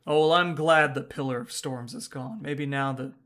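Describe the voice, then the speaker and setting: A man's voice: mid-range voice, steady tone, moderate pace, fairly bright tone, close to an everyday voice. A man voicing a big, brash female miner who talks bluntly and scornfully, close to his own voice.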